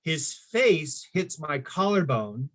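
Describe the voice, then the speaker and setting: Middle-aged male guest, animated storyteller who acts out the people he quotes, slightly high voice. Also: takes it slowly. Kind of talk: casual storytelling.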